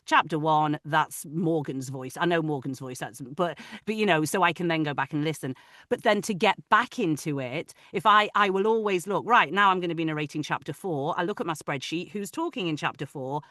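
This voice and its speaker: Woman, audiobook narrator, bright forceful tone, dry close sound, animated chatty talk. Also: deep voice, a little fast, no room sound. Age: adult, parent of older children. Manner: animated, talkative, many restarts. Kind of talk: casual interview chat.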